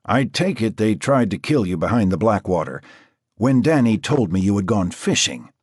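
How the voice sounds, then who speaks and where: A man's voice: lowish voice, big pitch swings, normal speed, darkish tone, slightly rough, no room sound, studio quality. A man voicing a worried, sarcastic police supervisor in an audiobook. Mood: scolding. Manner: sarcastic, scolding. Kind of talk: audiobook character voice.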